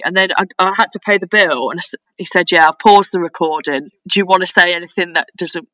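Woman podcast host, bright voice, giggly, animated storyteller. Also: lowish voice, a little fast, dry recording, poor audio. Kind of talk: casual chat.

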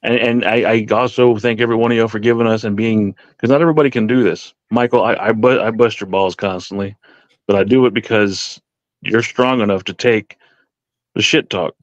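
A man's voice: lowish voice, fairly even intonation, fairly quick, dry recording, dull audio. A man on a podcast panel talking casually, rambling and heartfelt, stammering and swearing as he goes. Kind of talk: casual chat.

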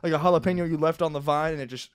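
A man hosting a podcast, telling crude stories in a rambling, animated casual chat. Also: a little high, very fast, smooth, dry recording, clean studio sound. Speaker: podcast host.

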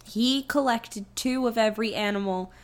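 A woman's voice: a little high, normal speed. A woman co-hosting a podcast in casual chat, swearing freely and acting out quoted lines in mock voices. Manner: profane, animated, acts out quotes in mock voices. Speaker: podcast co-host.

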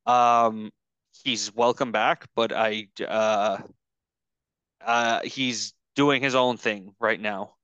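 A podcast host chatting casually over a video call, rambling and halting with lots of fillers. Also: male voice, fairly low pitch, steady tone, fairly bright tone, smooth, dry recording, highs cut off. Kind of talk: casual chat.

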